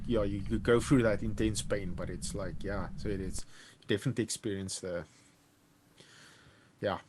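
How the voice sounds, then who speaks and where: A man's voice: lowish voice, fairly even intonation, normal speed, a little mellow, slight background noise. A man with a South African accent playing a tabletop role-playing game, describing his character's actions in a loose, hesitant way. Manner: loose, hesitant, many fillers like "like". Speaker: player.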